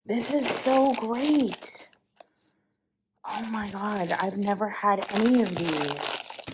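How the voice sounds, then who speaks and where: A young woman, chatting casually as she opens packages, gushing with excited exclamations. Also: medium pitch, slow, background noise. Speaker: vlogger. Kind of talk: casual unboxing chat.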